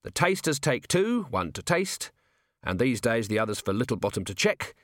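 Vimes, a brisk, probing watch commander voiced by a man. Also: mid-range voice, big pitch swings, fairly bright tone, no room sound, studio quality. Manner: brisk, probing, rhetorical questioning. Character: sharp, driven veteran male watch commander. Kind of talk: audiobook character voice.

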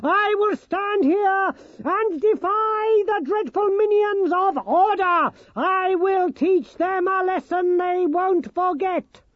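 A shrill fanatic gnome preacher, slow booming proclamations, dull lo-fi tape. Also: male voice, no room sound. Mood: ranting. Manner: high, slow, declaiming shouts. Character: pompous male gnome leader, fanatical preacher.

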